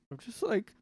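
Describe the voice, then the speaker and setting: A man's voice: darkish tone, dry recording, studio quality. A man from South Jersey hosting a casual solo podcast, rambling and joking with lots of fillers. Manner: rambling, filler-heavy and jokey. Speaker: podcast host. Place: his own room.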